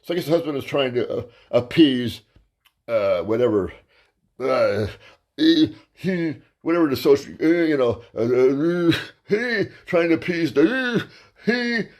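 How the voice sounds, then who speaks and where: A man's voice: on the high side, animated, unhurried, darkish tone. A man, a stand-up comedian, telling a crude, rambling story in a ranting style and tripping over his words. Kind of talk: profane comic storytelling monologue.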